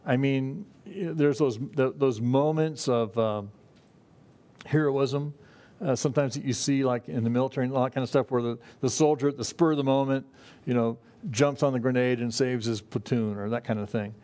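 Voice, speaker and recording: A man's voice: mid-range voice, steady tone, normal speed, mellow. A middle-aged man leads an evening Bible study in an easygoing, conversational way. His voice sits in an ordinary middle range, and he talks plainly, stopping and restarting as he goes. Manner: conversational, folksy, many fillers and restarts. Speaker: pastor.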